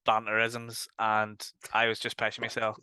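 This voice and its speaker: Bright-voiced Northern Irish man, animated chat. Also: on the low side, moderate pace, smooth, no echo. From Northern Ireland. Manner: enthusiastic, swears freely, laughs a lot. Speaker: podcast co-host. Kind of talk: casual chat reviewing a film.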